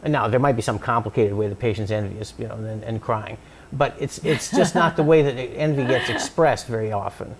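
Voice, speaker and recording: A man's voice: mid-range voice, a little fast. Thoughtful man explaining with many restarts. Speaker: psychoanalyst interviewee. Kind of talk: thoughtful conversational interview.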